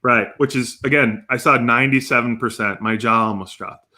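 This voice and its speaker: A man's voice: medium pitch, moderate pace, pushed and bright. A man, a marketing guest, explaining his field fluently with examples. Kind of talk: explanatory interview talk.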